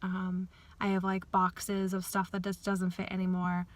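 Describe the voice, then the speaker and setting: A woman giving a candid, rambling personal video update, speaking plainly with many pauses and fillers. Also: lowish voice, completely flat delivery. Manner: speaks plainly about grief and dieting. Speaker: vlogger.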